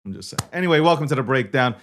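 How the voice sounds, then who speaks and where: A man's voice: medium pitch, lively intonation, rapid-fire, fairly bright tone, slight background noise. Brash Brooklyn-accented man hosting a show. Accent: Brooklyn New York. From Brooklyn, New York. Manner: brash, swearing, repeats himself, stammering restarts. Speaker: show host. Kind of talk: casual live-stream talk show.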